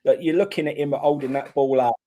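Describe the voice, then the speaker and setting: A man's voice: medium pitch, quick pace, mellow. A man hosting a live football watchalong, chatting casually and reacting bluntly to the play.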